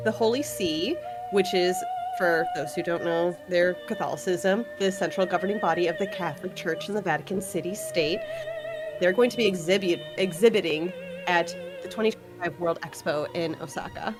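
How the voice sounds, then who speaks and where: A woman with a fairly low voice chats through a news item as a podcast co-host, laughing now and then. Faint music sits behind her. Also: normal speed. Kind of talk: casual chat.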